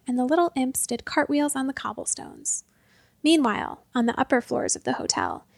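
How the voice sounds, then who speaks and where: A woman narrating a storybook with an expressive, measured delivery. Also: high-pitched, vocal fry, no room sound.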